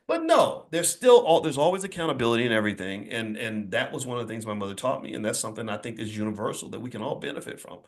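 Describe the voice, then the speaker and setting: A male motivational speaker working a live crowd with a lively, swooping delivery and a slightly high voice. He talks with a preacher-like cadence, repeating phrases and punching them home with blunt, folksy asides. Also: quick pace. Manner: emphatic, preacher-like cadence with repetition. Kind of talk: motivational speech.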